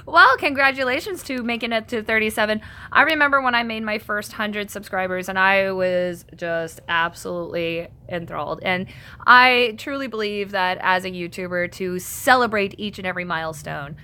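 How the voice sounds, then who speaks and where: A woman hosts a casual live stream from her home and reads viewer comments aloud before answering them. Her voice is bright and sits at a middle pitch. She talks in a chatty, self-conscious way and laughs often. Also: moderate pace.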